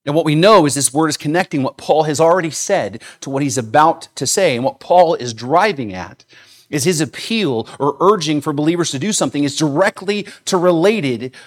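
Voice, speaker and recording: A man preaching a sermon, swinging from loud, emphatic calls to quiet, explanatory asides, with frequent repeats and restarts. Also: fairly high pitch, expressive, brisk. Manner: repeats words, small restarts. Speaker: pastor.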